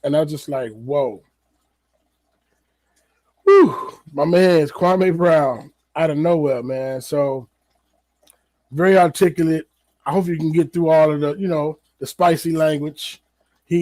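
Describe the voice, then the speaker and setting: Male podcast host, casual solo commentary, slightly high voice, dry close sound, loose and repetitive delivery. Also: moderate pace, mellow, dry recording. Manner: loose, conversational, repeats words, many fillers.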